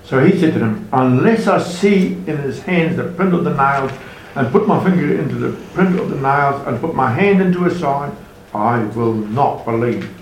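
Man, group member, reads scripture aloud, mid pitch, echoey room, faint background noise. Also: animated, moderate pace, few pauses. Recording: roomy, distant mic.

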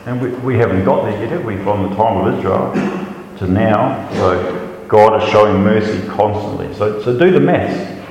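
A man gives a conversational sermon in a slightly low voice. He restarts often and repeats words. His voice carries with long, roomy reverb through a large hall. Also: normal speed, noisy background. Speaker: preacher.

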